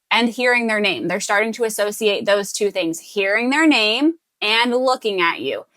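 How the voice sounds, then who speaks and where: A woman's voice: medium pitch, bright, forceful tone, dry recording. A woman from the Southern US, a speech therapist, patiently explaining step-by-step tips to parents and repeating the key points. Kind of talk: instructional talk to parents.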